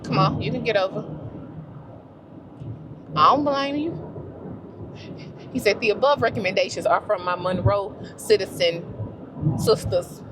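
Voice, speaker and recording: A woman's voice: mid-range voice, steady tone, a little fast, background noise. A woman chatting to her camera while she drives, talking to herself and laughing easily. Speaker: vlogger. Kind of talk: casual vlog chat. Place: in a car, driving.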